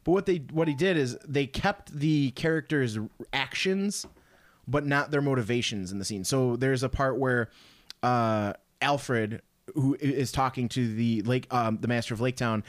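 A man in casual podcast chat about movies, animated and quick to mock outrage. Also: mid-range voice, no echo. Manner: animated, bursts into loud mock outrage and quoted lines. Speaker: podcast co-host.

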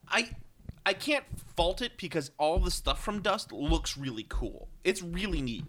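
A man's voice: sits high, animated, unhurried, fairly bright tone, slight background noise. A man co-hosting a casual podcast chat, rambling with ums and self-corrections and cracking wry jokes. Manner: wry, joking. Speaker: podcast co-host.

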